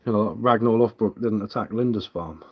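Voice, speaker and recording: A man's voice: lowish voice, brisk, a little mellow, husky. A man with a London Cockney accent and a touch of Sussex, chatting casually on a livestream while he carves wood, rambling a little and answering viewer comments. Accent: London Cockney with some Sussex. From England. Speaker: livestreaming bushcraft woodcarver.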